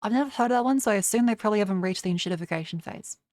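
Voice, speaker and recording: A woman's voice: mid-range voice, racing, darkish tone, no room sound. A young woman streamer in casual livestream chat, ranting with a lot of swearing and mocking others in put-on voices. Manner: profane, ranting.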